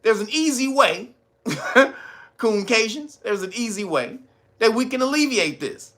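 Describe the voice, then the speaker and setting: An LA-man rants in a casual commentary, his slangy talk full of laughter and acted-out bits. His voice sits fairly high and bright. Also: a little slow. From Los Angeles. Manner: animated, slangy, often laughing and acting out quotes. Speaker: commentary host.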